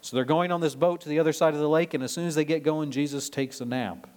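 A man from Nebraska, a pastor preaching a sermon in a conversational way, mixing scripture with personal anecdotes and lively storytelling. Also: on the high side, fast, smooth. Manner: lively storytelling, rising when retelling drama.

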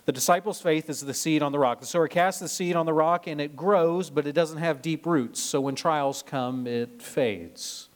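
A man from Nebraska, a pastor preaching a sermon in a conversational way, mixing scripture with personal anecdotes and lively storytelling. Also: fairly high pitch, moderate pace, few pauses. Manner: lively storytelling, rising when retelling drama.

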